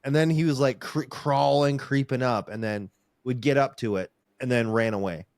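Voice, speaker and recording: A male comedian co-hosting a podcast talks in a wry, rambling way and slips into other people's voices as he tells stories. His voice sits at an ordinary pitch for a man. The sound is dry and close, with no room echo. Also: moderate pace, darkish tone. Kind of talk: casual chat.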